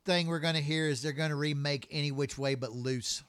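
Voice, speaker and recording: Guy with a high bright voice, cussing and agreeing in casual chat. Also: steady tone, brisk, smooth, dry recording, clean studio sound. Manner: profane, agreeing, exclaiming.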